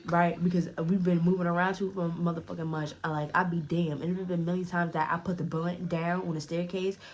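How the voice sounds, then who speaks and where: Young woman, casual storytime, profane, repetitive, animated, fairly low voice. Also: fairly quick. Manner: profane, animated, repeating phrases. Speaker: vlogger.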